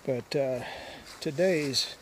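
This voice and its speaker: A long-distance hiker vlogger talks extremely slowly in a mid-range voice while out on a mountain trail. His casual monologue rambles along easygoingly with many "uh" fillers, and outdoor noise is audible behind him.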